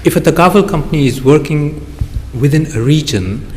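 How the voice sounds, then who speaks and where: A man's voice: fairly high pitch, lively intonation, fairly quick, a little mellow. Hesitant male panelist in a hall. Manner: hesitant, many fillers. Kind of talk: conference panel talk. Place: hotel conference hall. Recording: large hall reverb, faint background noise.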